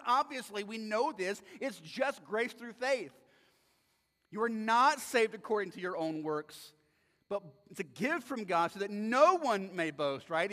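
A man's voice: high voice, fairly bright tone. Male pastor, emphatic and conversational, preaching in an echoing church with long reverb. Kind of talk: sermon. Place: church sanctuary.

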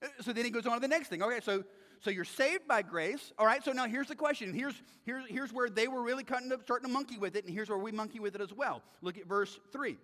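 A man's voice: very high-pitched, very animated, brisk, a bit bright. A male pastor preaching a sermon in a conversational, emphatic way, repeating points for emphasis. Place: church sanctuary. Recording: long reverb in a church hall.

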